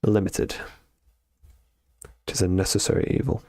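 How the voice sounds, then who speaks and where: A man on a live stream reading programming lessons aloud and thinking out loud as he codes, with frequent ums and restarts. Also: low voice, flat delivery, normal speed, no echo, studio quality. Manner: thinks aloud with many fillers and self-corrections. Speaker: streamer learning to code.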